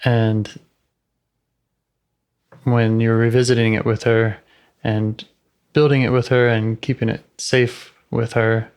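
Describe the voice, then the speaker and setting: A therapist guiding a session calmly, with short affirmations and gentle questions, over a video call. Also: medium pitch, slow, pauses often, smooth. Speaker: IFS therapist.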